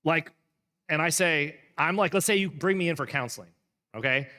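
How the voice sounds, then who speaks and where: A man's voice: on the high side, moderate pace, bright, forceful tone, long reverb tail. A man, a pastor, reading a book aloud and explaining it in a casual, rambling way with playful asides. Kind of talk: live book reading with commentary.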